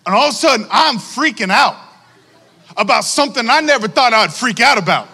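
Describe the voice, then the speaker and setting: A man preaching a sermon to a congregation, animated and calling out for responses from the crowd. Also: extremely high pitch, fairly quick, big-room sound. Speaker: pastor.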